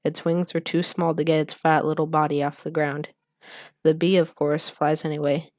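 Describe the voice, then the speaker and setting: A channel host reading a film script aloud in a deadpan monotone, stumbling over words and losing their place. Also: medium pitch, no room sound, clean studio sound.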